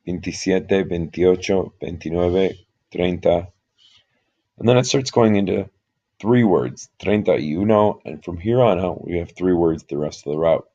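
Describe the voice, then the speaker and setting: A man's voice: low voice, mellow, husky, lo-fi sound. A man teaching Spanish numbers, patient and methodical, explaining step by step. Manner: slow, patient, talks through examples step by step. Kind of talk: explaining at a board.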